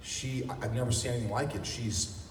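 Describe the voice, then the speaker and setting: A man telling funny stories as a panelist at a convention, animated and joking. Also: medium pitch, brisk, a little hiss or hum. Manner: animated, joking, slips into impressions. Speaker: actor panelist. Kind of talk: comic panel storytelling. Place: large convention hall. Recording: echoey convention hall from far off. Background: crowd.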